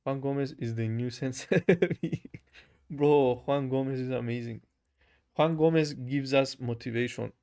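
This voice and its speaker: A man's voice: medium pitch, a little slow, darkish tone. A young man with a German accent, chatting casually on a livestream, reading comments, saying bro a lot, laughing often and repeating practice phrases aloud. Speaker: language learner livestreaming. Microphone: camera mic.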